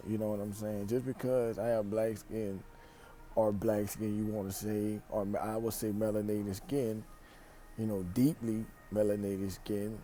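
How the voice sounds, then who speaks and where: Animated Louisiana man vlogging in a store. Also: fairly low pitch, a little hiss or hum. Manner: animated, emphatic, repeats phrases, speaks in slang. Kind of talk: casual vlog monologue. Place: store aisle, indoors.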